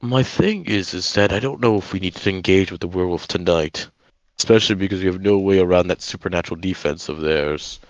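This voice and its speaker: A man's voice: low voice, fairly quick, dry recording, lo-fi sound. A man playing in a tabletop game, talking in a hesitant way with lots of ums. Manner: hesitant, full of ums and hedging. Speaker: player. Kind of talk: casual tabletop play.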